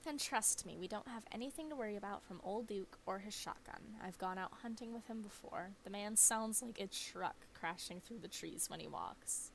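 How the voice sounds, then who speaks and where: A woman voicing a friendly, easygoing young woman in a game, reading her lines in a relaxed, natural way. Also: medium pitch, moderate pace, creaky, few pauses, slight background noise. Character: cheerful young woman, a friendly cryptid hunter.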